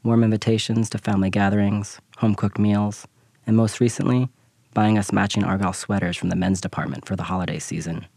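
A man with a very deep voice narrates a scripted personal essay, measured and reflective. The sound is close and dry, with no room around it. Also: steady tone, vocal fry, darkish tone, breathy edge, no echo.

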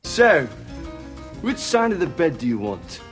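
Austin Powers, leering British spy. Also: male voice, a little high, very animated, a little slow, music in the background. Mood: cheeky flirting. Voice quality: cheeky, leering, suggestive. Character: randy, swinging British male spy.

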